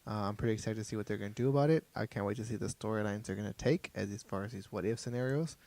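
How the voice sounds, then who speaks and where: Excitable man, dry close mic. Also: lowish voice, very fast, gravelly, no echo. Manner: excitable, swears, stammers. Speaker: podcast co-host. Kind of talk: casual chat.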